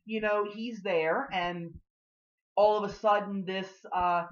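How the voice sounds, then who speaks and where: A man's voice: sits high, steady tone, a bit bright, lo-fi sound. A man giving a casual spoken review of a TV episode. He rambles and leans hard on fillers like "you know" and "like". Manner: acts out characters' lines in quick bursts.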